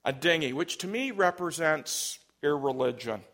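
A man's voice: a little high, expressive, moderate pace. A man, a pastor, preaching an emphatic sermon and telling stories. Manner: emphatic, storytelling, big swings in loudness.

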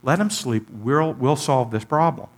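A man's voice: medium pitch, a little slow, close to an everyday voice. A man voicing frightened male disciples in a sinking boat, pleading and crying out in a raised voice within a sermon. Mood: calm reassuring.

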